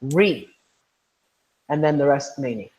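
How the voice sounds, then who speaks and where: A man's voice: on the high side, normal speed, a little mellow, low-quality recording. A man teaching an online class, patient, often checking understanding with "right?". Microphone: video call.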